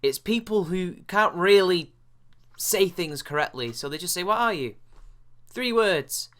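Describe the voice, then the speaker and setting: Sarcastic British man with a bright voice. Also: sits high, lively intonation, a little slow. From England. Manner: mocking, profane, exasperated. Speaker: commentary video host. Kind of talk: sarcastic reaction commentary.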